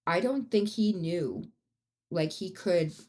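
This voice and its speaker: A woman's voice: on the low side, expressive, takes it slowly, darkish tone. A woman hosting a podcast, telling a true-crime story in a casual, blunt and profane way, with rising outbursts. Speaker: podcast host.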